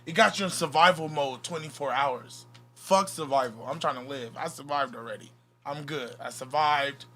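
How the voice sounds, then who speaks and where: Laid-back swearing man, a bit high. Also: moderate pace, pushed and bright, faint music behind. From California. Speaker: rapper guest. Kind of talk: casual podcast chat.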